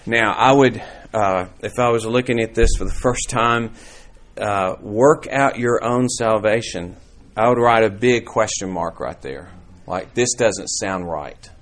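A man with a fairly low voice leads a church Bible class. His talk is casual and meandering, full of restarts and fillers. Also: a little slow, fairly bright tone. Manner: conversational, rambling with restarts and fillers. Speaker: church teacher. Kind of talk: informal Bible class teaching.

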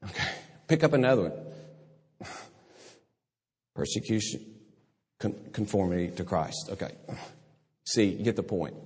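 A man's voice: sits low, a little slow, pauses often. An older man preaching a sermon, telling stories and acting out voices with a laugh. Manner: storytelling, acts out voices and laughs. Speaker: pastor. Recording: long hall reverb.

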